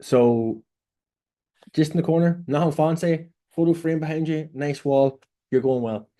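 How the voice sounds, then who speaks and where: A young Irish man talks straight to camera with a mellow, dark voice. He coaches bluntly, swears freely and keeps checking in with "right?" as he goes. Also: a little high, unhurried. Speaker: online business coach. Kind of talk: casual coaching monologue. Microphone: phone or camera mic in a room.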